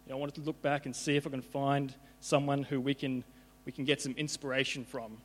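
A man's voice: medium pitch, level tone, brisk. A young man giving an informal sermon, conversational, often repeating his words as he goes. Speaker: preacher. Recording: hall reverb with mains hum.

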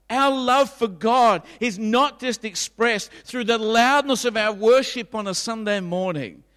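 A man's voice: sits high, a bit bright, long reverb tail. A pastor in his fifties preaching a sermon in a church, emphatic and repetitive.

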